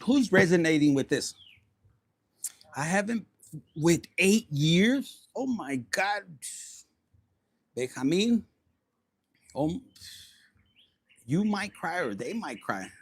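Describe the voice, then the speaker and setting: A man doing a casual, animated tarot reading, swearing often and slipping into Spanish slang. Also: high-pitched, takes it slowly, long pauses, slightly rough. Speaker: tarot reader.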